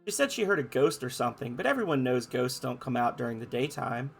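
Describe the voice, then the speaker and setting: A man's voice: medium pitch, lively intonation, fast talker, creaky, soft background music. A man hosting a game playthrough, reading every character's lines aloud in playful voices and joking about his own reading. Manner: reads lines in varied playful voices, self-mocking asides. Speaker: gameplay host reading game dialogue aloud.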